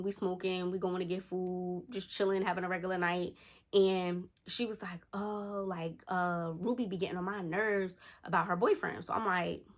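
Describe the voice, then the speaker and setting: Chatty woman telling a storytime. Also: fairly low pitch. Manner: chatty and animated, slangy, talks straight to viewers. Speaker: vlogger telling a personal story. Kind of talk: casual storytime.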